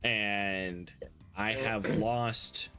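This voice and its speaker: Bright-voiced joking gaming host. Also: male voice, on the low side, steady tone, very slow, faint music behind. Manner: joking, crude, laughs often. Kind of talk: casual game commentary with a co-host.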